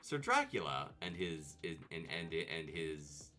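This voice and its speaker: A man streaming comedic movie commentary, animated, profane and sarcastic. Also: rumbling low, takes it slowly, soft background music.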